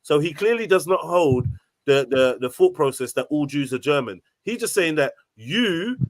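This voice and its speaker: A man's voice: fairly high pitch, moderate pace, no room sound. A man moderating a heated live panel, blunt and cutting in to keep order. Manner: blunt, cuts in to calm the room.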